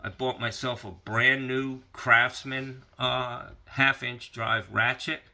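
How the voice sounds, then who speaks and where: A man's voice: medium pitch, level tone, slow, pushed and bright. A man ranting casually into the camera, profane and rambling, with lots of fillers. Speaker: vlogger.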